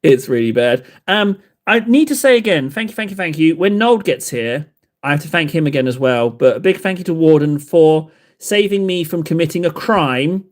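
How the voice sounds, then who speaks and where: Man, lively up-and-down voice, a bit high, rambling, self-mocking, chatty stream host painting miniatures. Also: moderate pace. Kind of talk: casual chat with live chat.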